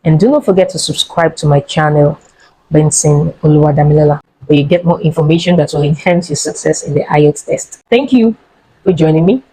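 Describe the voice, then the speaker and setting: Nigerian woman teaching exam tips, husky low voice, slow and emphatic. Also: mellow, low-quality recording. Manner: measured, emphatic explaining. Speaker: IELTS tutor. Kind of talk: teaching to camera.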